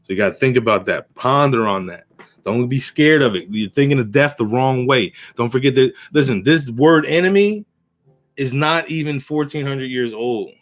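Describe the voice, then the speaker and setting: A man's voice: medium pitch, moderate pace. A man hosting a video, casually preaching and telling a parable, asking "right?" as he goes. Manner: rambling storyteller, asks "right?" often. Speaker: video host.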